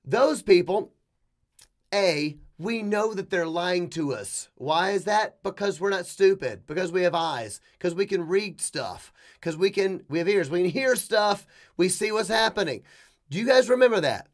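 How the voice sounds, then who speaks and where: A middle-aged man hosting a podcast, delivering an opinionated monologue with emphatic bursts, quick asides and mocking quoted voices. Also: high-pitched, animated. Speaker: podcast host.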